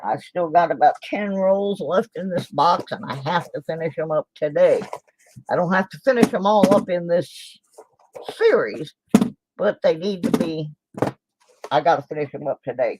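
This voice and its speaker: Older woman host, unhurried desk chat, self-deprecating asides, faint hiss under it. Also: sits low, poor audio. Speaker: channel host, coin roll hunter. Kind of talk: casual livestream chat while sorting coins. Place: home desk in a small town.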